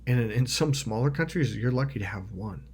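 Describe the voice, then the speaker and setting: A motivational video host rambles through a personal story in a mid-range voice with lively intonation and a brisk pace, over a slight hiss or hum. He restarts often, swears casually, and loudly acts out what other people said.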